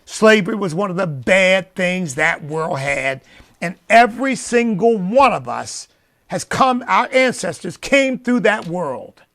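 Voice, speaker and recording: A man hosting a radio show, delivering a preacherly opinion monologue that swings from low asides to loud, emphatic peaks. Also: animated, measured pace.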